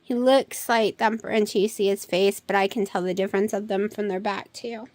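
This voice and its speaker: A woman's voice: medium pitch, steady tone, a little fast, few pauses, a little mellow, no room sound. A woman chatting casually to her camera at home, talking to her cats and cooing at them in baby talk. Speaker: vlogger. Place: home room.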